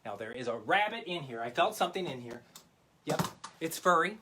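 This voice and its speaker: A man's voice: a little high, sing-song, fairly quick, background noise. A man performing a children's magic show for a library, goofy and playful, poking fun at himself and talking straight to the kids. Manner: goofy, playful, self-mocking, addresses kids directly.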